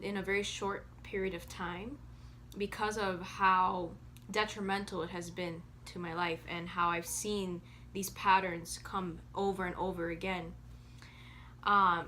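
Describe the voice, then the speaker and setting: Earnest young woman with a bright voice. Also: mid-range voice, a little hiss or hum. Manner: earnest and reflective, with frequent fillers and restarts. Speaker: self-help vlogger. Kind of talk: casual talk to camera.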